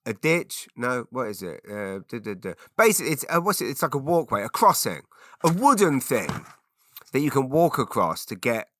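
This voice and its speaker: A man's voice: medium pitch, very animated, normal speed, a bit bright, a little hiss or hum. A man hosting his own podcast alone, rambling and self-mocking through a casual monologue, with frequent restarts. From Britain. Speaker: podcast host.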